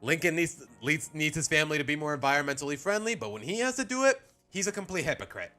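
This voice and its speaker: With soft music behind him, a man from Mexico talks fast in a slightly high, expressive, sharp voice. Live streaming, he ranks cartoon episodes, rambling through opinions and often cutting himself off mid-sentence.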